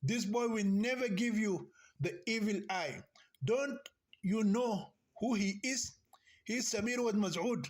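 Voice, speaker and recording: A man reading the lines of an older aunt in a novel, superstitious, bossy and caring, in a slow and earnest delivery. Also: high-pitched. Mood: insistent.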